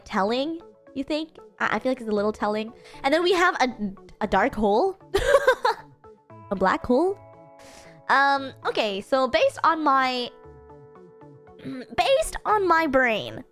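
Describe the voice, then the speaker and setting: A woman hosting a live stream, chatting casually and thinking aloud to her chat. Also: a little high. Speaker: streamer hosting an anime guessing game.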